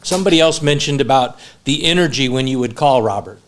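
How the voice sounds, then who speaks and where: A man talks fast in an expressive, medium-pitched voice as he remembers a friend at a funeral home memorial. His speech mixes funny anecdotes with a sincere closing tribute.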